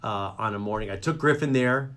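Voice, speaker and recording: A man hosting a live radio comedy show, ranting in an exasperated, animated way about everyday annoyances. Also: fairly low pitch, brisk. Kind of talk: comedic rant. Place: radio studio.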